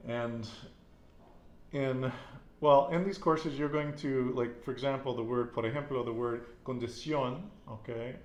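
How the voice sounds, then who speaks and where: A man's voice: mid-range voice, fairly even intonation, measured pace, echoey room. A man teaching a casual Spanish lesson, patiently repeating words and quizzing his student.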